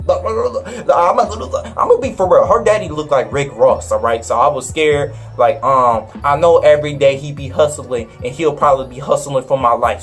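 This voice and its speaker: A young man telling a story in a casual, slangy, animated way, with faint music behind him. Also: fairly high pitch. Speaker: vlogger. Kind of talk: storytime vlog.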